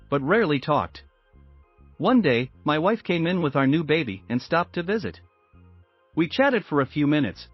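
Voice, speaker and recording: Male narrator, slightly higher voice, dry and dull lo-fi sound, steady read of story posts. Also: no echo. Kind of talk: scripted narration of reader posts. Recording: dull lo-fi sound with faint music.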